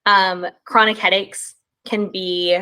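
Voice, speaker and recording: A woman talking at an everyday middle pitch in a loose, conversational way. She leans on many ums and likes and yawns now and then as she explains. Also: flat delivery, slow, sharp tone, clear, resonant tone. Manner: yawning. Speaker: presenter. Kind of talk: casual talk.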